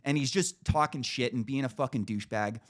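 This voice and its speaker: Briskly and in a mid-range voice, a podcast co-host tells an animated story full of swearing. He performs each line of dialogue himself.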